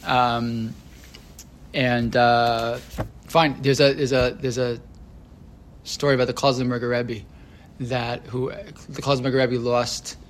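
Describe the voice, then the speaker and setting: A man's voice: medium pitch, flat delivery, takes it slowly, long pauses, a little hiss or hum. A man teaching an informal class on a religious text, talking in a loose, conversational way with many fillers and restarts, and often asking his students questions.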